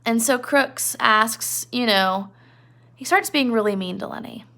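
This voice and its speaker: Gravelly-voiced woman teaching a novel. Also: fairly high pitch, unhurried, pushed and bright. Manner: conversational, explains with asides and checks. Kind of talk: classroom lecture retelling a novel.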